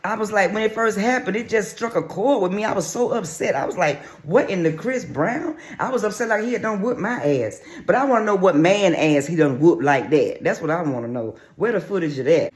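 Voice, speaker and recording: Sassy high-voiced gossiping man. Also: brisk, few pauses. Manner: sassy, brash, crude, rambling. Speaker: vlogger commenting on reality TV. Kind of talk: casual gossip commentary.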